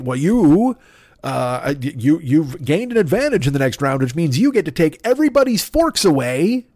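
A man's voice: fairly high pitch, darkish tone, no room sound. A man hosting a podcast, ranting in a casual comic way, swearing often and sounding exasperated. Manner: profane, exasperated, emphatic. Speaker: podcast host. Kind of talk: casual comedic rant.

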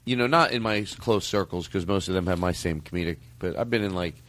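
A man's voice: sits low, quick pace, a bit bright. A man hosting a comedy podcast in casual chat, rambling and often cutting himself off mid-sentence. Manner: rambling, self-interrupting storyteller. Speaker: podcast host.

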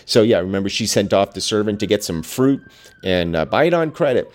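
A man reading a novel aloud, mixing expressive reading with chatty, casual asides. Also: lowish voice, brisk. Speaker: book reader.

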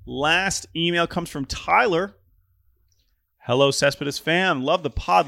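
A man's voice: mid-range voice, normal speed, gravelly, bright, forceful tone, no room sound, studio quality. A man co-hosting a baseball podcast in casual chat, joking, reading listener emails, often restarting sentences. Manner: chatty, jokey, many restarts. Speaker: podcast co-host.

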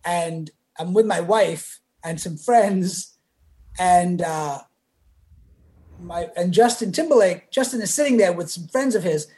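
Animated man telling a story. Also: high-pitched, unhurried. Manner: animated, acts out quoted voices. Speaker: podcast guest. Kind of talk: casual storytelling.

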